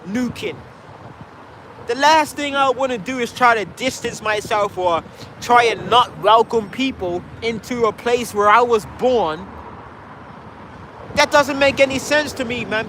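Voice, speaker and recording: A man holds forth outdoors in a heated, rhetorical street speech, throwing challenges at the crowd. His voice sits high and bright, pressing hard on every point. Faint traffic hums in the background. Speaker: street speaker. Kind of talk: impassioned street debate speech. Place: outdoors in a city park.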